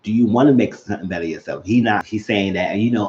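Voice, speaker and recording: A man's voice: lowish voice, fast, hardly any pauses, a little hiss or hum. A man casually recapping a TV episode, telling scenes and acting out the characters' quotes. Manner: animated, retells scenes, acts out quotes. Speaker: show recap host. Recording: dull lo-fi sound.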